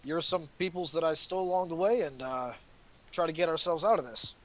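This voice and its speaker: A man playing a dwarf character in a tabletop game, speaking in character with a halting, gruff manner. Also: a little high. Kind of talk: in-character roleplay and table chat.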